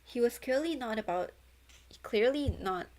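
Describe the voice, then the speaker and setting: A woman's voice: fairly high pitch, lively intonation, unhurried, darkish tone. Chatty young woman reading aloud. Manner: stumbling, self-correcting reading, breaks into chatter. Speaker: VTuber reading a novel aloud. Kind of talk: casual read-along.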